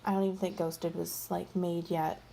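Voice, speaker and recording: A woman's voice: fairly low pitch, little pitch movement, normal speed, gravelly, dark tone, slight background noise. A woman casually retelling a book series in a rambling, gossipy way, full of fillers like "like" and "you know.". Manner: exasperated, gossipy storytelling. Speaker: book reviewer. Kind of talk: casual chatty book review.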